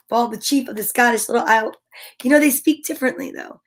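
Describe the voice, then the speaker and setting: A woman's voice: a little high, fast talker. Give me a playful woman reading storybooks. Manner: playful, animated, chatty asides. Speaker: storytime host. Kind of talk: reading a children's storybook aloud.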